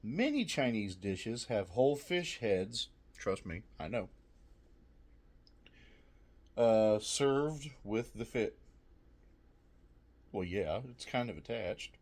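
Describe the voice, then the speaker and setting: A man's voice: lowish voice, animated, slow pace, pauses often, a little mellow. A man casually reviewing snacks, reading trivia aloud with jokey asides, swearing and laughing often.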